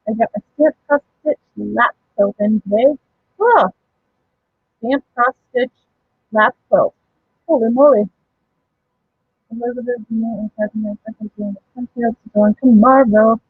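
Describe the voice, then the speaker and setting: A woman's voice: a little high, fairly even intonation, a little slow, long pauses, phone-quality sound, slight background noise. A woman hosting a crafting live stream, chatting casually, reading viewer comments aloud and laughing often. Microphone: home microphone.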